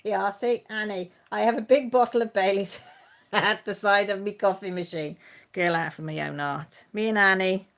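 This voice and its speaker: A woman hosting a casual live stream, chatting warmly with viewers by name and laughing often. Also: medium pitch, fairly even intonation, moderate pace. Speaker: channel host reading live chat.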